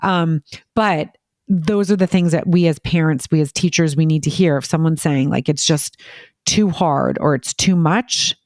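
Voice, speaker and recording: Chatty mom telling stories at speed. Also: female voice, sits low, darkish tone, no room sound, clean studio sound. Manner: rapid, filler-heavy storytelling, acting out quoted voices. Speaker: parent guest. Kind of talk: casual podcast chat.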